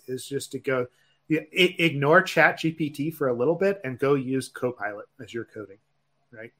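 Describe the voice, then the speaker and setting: A man co-hosting a tech podcast, explaining in a measured way and often checking in with "right?". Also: medium pitch, bright, forceful tone. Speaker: podcast co-host. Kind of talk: casual tech podcast chat.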